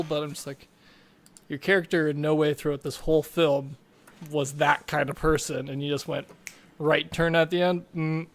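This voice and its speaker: A man co-hosting a casual podcast, talking in a rambling, animated way and breaking into laughter often. His voice sits a little high for a man. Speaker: podcast co-host. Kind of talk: casual chat.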